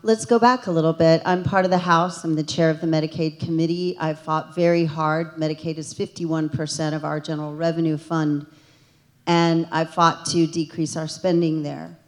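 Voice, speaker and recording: Woman, lowish voice, state rep addressing a town hall; earnest, emotional, builds to emphatic points. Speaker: state representative. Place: township meeting hall.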